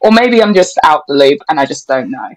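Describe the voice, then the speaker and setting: A woman's voice: low voice, sing-song, a little fast, darkish tone, no room sound, poor audio. Young woman, podcast guest, laid-back, giggly, hesitant, dry close sound. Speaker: pole and twerk instructor, guest. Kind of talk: casual interview chat.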